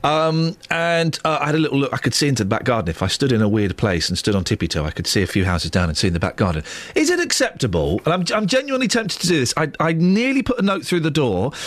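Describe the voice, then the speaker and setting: Teasing, lively male radio host. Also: mid-range voice, dry recording. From England. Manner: teasing, playful, animated questioning. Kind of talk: casual phone-in banter.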